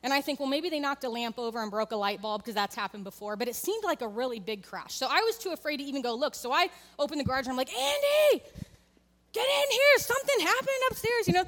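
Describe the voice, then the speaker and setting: Speaking fast and expressively with few pauses, a woman in her thirties gives a conversational sermon in a church sanctuary, telling a frank family story straight to the congregation. Her fairly high, slightly bright voice echoes as in a large hall.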